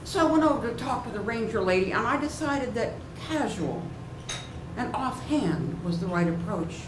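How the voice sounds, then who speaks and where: A woman storyteller performing a personal tale live on stage, animated and playful, acting out sounds and voices. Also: a little high, normal speed, recorded from a distance. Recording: roomy live hall with audience noise.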